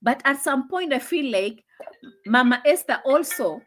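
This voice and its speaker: A young woman hosting a casual live stream, chatting and laughing, dropping into low asides, on a phone mic. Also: lively intonation, a little slow.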